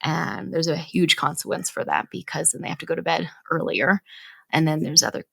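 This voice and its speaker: A woman's voice: deep voice, little pitch movement, brisk, creaky, fairly bright tone, slightly rough, no room sound. A woman in her thirties, a podcast co-host and mother, explaining parenting ideas in an earnest, conversational way and often checking in with "right?". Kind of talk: casual parenting chat.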